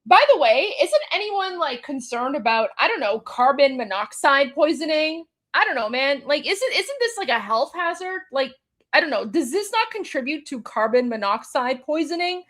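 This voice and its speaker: A woman's voice: high-pitched, very animated, normal speed, a bit bright. A woman from Iran hosting a live stream, giving sarcastic reaction commentary and constantly talking to her viewers. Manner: sarcastic, mocking, keeps addressing viewers. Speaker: livestream host.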